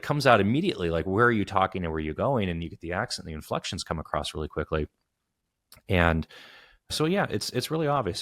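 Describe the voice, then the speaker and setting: A man's voice: deep voice, a bit bright. A man hosting a podcast interview, chatty and thinking aloud with long asides. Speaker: podcast host.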